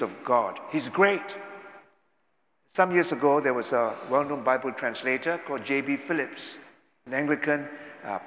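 A pastor delivering a sermon with dramatic swells and hushed drops, recorded in a large echoing hall. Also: male voice, on the high side. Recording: echoey hall, long reverb.

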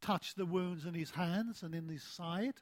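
Male preacher, high voice, unhurried sermon delivery; stresses key words and lets phrase endings drop soft, lifts his voice when he tells a story. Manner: deliberate, with emphatic phrase endings that fall soft; animated storytelling with a rising voice.

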